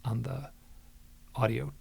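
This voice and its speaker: A man's voice: mid-range voice, little pitch movement, slow, gravelly, slightly rough. A man who is a podcast guest and author, retelling an experience with dramatic quoted dialogue and frequent restarts. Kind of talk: animated storytelling in conversation.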